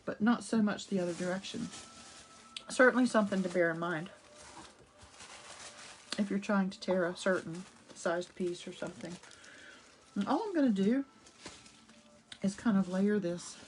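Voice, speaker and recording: A woman teaching a live painting and collage demo, chatty and enthusiastic, greeting viewers as she works, a little hoarse from a cough drop. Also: medium pitch, a little hiss or hum. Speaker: art instructor. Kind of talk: casual live craft demo. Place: home art studio.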